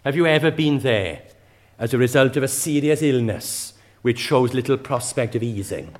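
A man's voice: medium pitch, lively intonation, moderate pace. A man preaching a sermon, speaking with passion and often asking rhetorical questions of his listeners. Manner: impassioned, rises to cries in quoted prayers.

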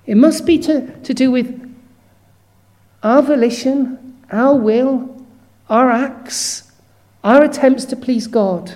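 A woman preaching a sermon in an earnest, measured way, stopping to read scripture verses aloud. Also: sits high, dark tone.

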